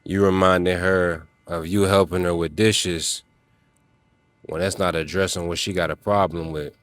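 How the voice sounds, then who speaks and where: A man's voice: sits low, no room sound. A man giving a motivational talk to other men, emphatic and preachy, speaking in casual slang. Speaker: self-help vlogger.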